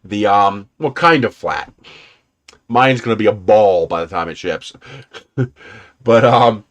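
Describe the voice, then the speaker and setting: A man's voice: fairly low pitch, takes it slowly. A man casually rambling through personal stories on a livestream, laughing often and swearing now and then. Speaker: livestream host.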